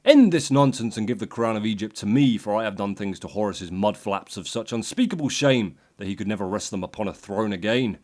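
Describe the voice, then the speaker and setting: A man's voice: fairly low pitch, lively intonation, brisk, hardly any pauses, darkish tone, lightly acted. A man voicing a furious, proud male god king who declaims pompously.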